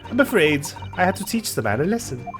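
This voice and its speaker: A man's voice: medium pitch, huge pitch swings, drawn-out words, full character voice. A man doing a haughty lady with a mock French accent. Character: older woman museum owner with haughty manner. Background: faint game music.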